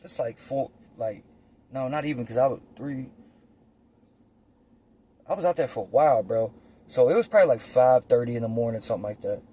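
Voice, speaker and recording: A man telling a personal story casually, outdoors on his phone, animated and profane, acting out the scenes as he goes. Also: medium pitch, a little fast, long pauses, a little hiss or hum. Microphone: phone or camera.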